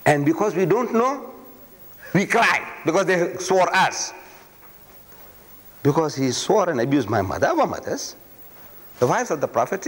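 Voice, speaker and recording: Male lecturer, rhetorical and emphatic, lively melodic delivery, echoing hall. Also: a little high, unhurried, long pauses. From South Africa. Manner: emphatic, rhetorical, repeats phrases for effect. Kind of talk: public lecture. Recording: long reverb of a lecture hall.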